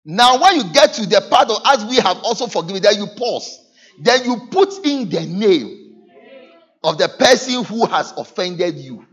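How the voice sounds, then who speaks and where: A man's voice: high voice, moderate pace, breathy edge. A man preaching a sermon as pastor, acting out the voices of people in his stories. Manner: lively preaching with dramatic acted quotes. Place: church. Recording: dull lo-fi church recording.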